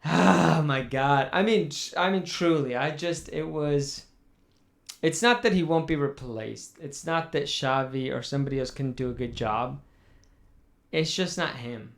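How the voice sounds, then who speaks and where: A man's voice: on the high side, measured pace, vocal fry. Rambling young man, swearing as he vents. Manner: rambling, profane, mock-mournful. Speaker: podcast host. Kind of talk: casual chat.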